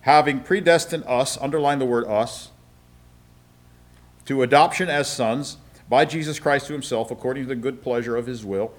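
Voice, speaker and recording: A man with a mid-range voice teaching a Bible study to a group. He talks in a plain, conversational way and reads the text aloud, pausing often to explain and to check that his listeners follow. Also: medium pitch. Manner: reads scripture aloud with frequent asides.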